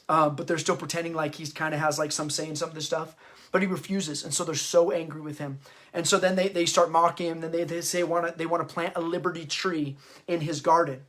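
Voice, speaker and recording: His voice sits high with a fairly bright tone as this host and parenting author delivers an off-the-cuff history talk. Stirred up and impassioned, he repeatedly stops and restarts his sentences.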